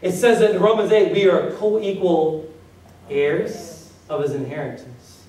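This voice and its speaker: A man delivers a sermon, pressing his listeners with one rhetorical question after another. His voice sits a little high for a man and sounds a touch far from the mic. It rings through a very echoey church hall. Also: measured pace, mellow. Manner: preaching with many rhetorical questions. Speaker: pastor. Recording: very echoey room, voice from a distance.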